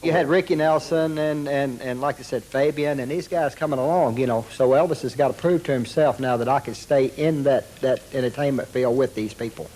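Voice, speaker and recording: Mellow-voiced man reminiscing. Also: medium pitch, brisk, few pauses, rough recording. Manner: reflective, with repeated words and fillers. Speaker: interviewee.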